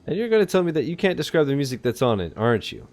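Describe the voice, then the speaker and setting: A man's voice: fairly high pitch, big pitch swings, racing, darkish tone, faint music behind. Man doing a jovial French biker. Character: gruff middle-aged male biker shop owner, jovial.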